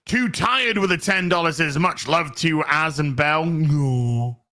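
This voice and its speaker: A man's voice: a little high, slow, bright, forceful tone. A man hosting a casual livestream, reading out chat messages and rambling with many restarts and frequent swearing. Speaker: streamer host reading chat.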